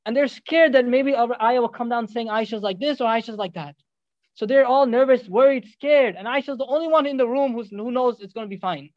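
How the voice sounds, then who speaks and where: A man preaching, retelling a story in an animated way with joking asides to the audience. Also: extremely high pitch, brisk, no room sound, muffled recording. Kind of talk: sermon storytelling.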